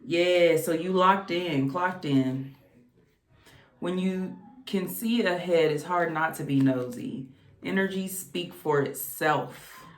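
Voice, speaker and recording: A woman's voice: fairly low pitch, slow. A woman casually reading tarot cards, chatty and exclamatory. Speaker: tarot reader. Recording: echoey room.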